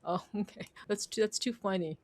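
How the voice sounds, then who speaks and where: A woman's voice: medium pitch, fairly quick, a little mellow. A young woman from Canada hosting a casual livestream chat, bubbly and giggly, rambling between topics. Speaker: host.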